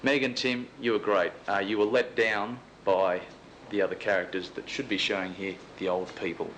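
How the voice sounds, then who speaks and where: A man's voice: fairly low pitch, flat delivery, moderate pace, fairly bright tone, a little hiss or hum, poor audio. A man with an Australian accent giving a blunt, cheeky, offhand film review as co-host. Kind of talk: casual film review chat.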